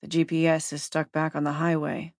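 A woman's voice: sits low, monotone, a little fast, no echo. A young male mountain biker speaks loosely and casually, as a woman reading a story gives him voice. The sound is dry and close.

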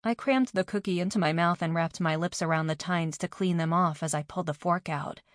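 Low-voiced female audiobook narrator. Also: a little fast, dry recording, clean studio sound. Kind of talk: first-person scripted narration.

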